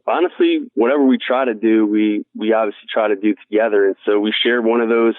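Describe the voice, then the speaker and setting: A guest angler with a fairly low voice tells stories quickly in a casual interview, earnest and heartfelt, often saying "man." The line sounds dry and tinny, like a phone, with no echo.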